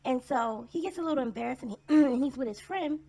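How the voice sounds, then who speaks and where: Blunt, sarcastic woman with gravelly fry. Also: sits high, fast, warm tone. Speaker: vlogger telling personal stories. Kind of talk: casual storytelling monologue.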